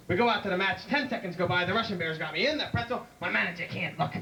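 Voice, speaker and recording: A man telling rambling stand-up stories on a club stage, his voice a little higher than most men's. He sits away from the microphone, so he sounds distant, with a clear hiss of noise under him. It is an amateur club recording. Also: very fast, hardly any pauses, pushed and bright. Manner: rambling joke-telling with high-pitched impressions. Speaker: stand-up comedian. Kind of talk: stand-up comedy set. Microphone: handheld stage mic, drifting off it.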